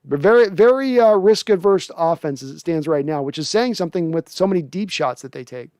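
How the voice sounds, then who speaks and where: A man's voice: fairly high pitch, lively intonation, a little fast, darkish tone, dry recording, studio quality. A man hosting a casual sports livestream, reading viewer comments aloud and answering them conversationally. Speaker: sports podcast host.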